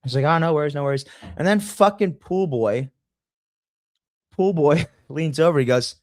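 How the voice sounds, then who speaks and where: A man's voice: on the high side, normal speed, a little mellow, dry recording, studio quality. A man telling a long story in casual chat, swearing often and acting out the voices of the people in it. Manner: profane, acts out the voices of others in his story.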